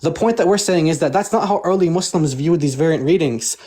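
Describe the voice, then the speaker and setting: A man's voice: on the high side, brisk, warm tone. A man in an online debate who argues his point firmly and at length and has little patience for interruptions. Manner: assertive, impatient with interruptions, explains at length.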